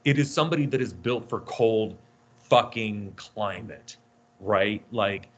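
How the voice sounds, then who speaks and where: Man, low voice, podcast co-host, rambling, swears a lot, dull lo-fi sound. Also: unhurried. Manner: rambling, profane, tangent-prone. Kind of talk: casual podcast chat. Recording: dull lo-fi audio.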